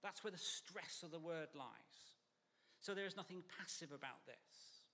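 A man's voice: fairly high pitch, lively intonation, gravelly. Man preaching a sermon in a reverberant hall. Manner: measured, emphatic, softening to near whispers. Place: church.

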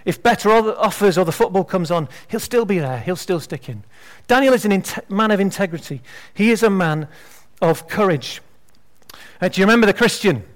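A man preaching a sermon in an animated, conversational way with humorous asides. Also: sits high.

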